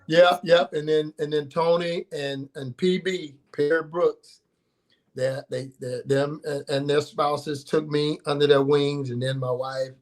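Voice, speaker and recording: A man's voice: on the high side, fairly even intonation, a little slow. A man in his sixties, a former football player and guest on a sports show, talking in a heartfelt, humble way with playful teasing. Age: 60s. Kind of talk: casual studio chat.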